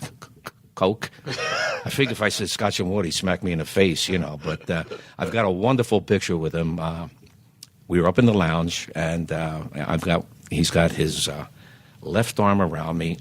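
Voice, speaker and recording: A man, telling lively anecdotes as a podcast guest and acting out the dialogue. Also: low voice. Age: 70s. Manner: animated raconteur who acts out quoted dialogue. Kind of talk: anecdotal storytelling.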